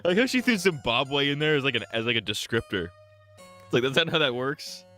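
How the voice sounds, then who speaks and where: A man's voice: mid-range voice, animated, brisk, bright, forceful tone, soft background music. A man streaming a video game live, riffing casually with crude jokes and swearing. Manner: crude, joking, riffing with frequent laughs and swearing.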